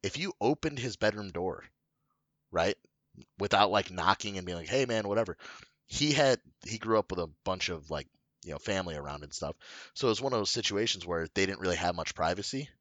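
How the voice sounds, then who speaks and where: A man's voice: sits low, expressive, brisk, fairly bright tone, dry recording. A man telling a long story in casual chat, rambling with lots of fillers and swearing. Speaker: podcast co-host telling a story.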